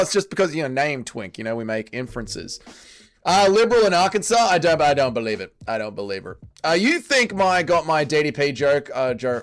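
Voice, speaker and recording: With a mid-range voice and an Australian accent, this man runs a laid-back livestream where he reads out viewers' comments and fires back crude, blunt, joking replies.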